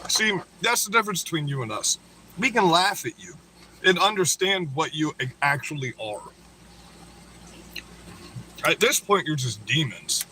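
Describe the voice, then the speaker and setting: A man's voice: on the high side, lively intonation, unhurried, long pauses, sharp tone, slight background noise, poor audio. A man hosting a livestream, delivering a crude, profane, taunting rant at critics. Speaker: livestream host. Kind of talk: ranting livestream monologue.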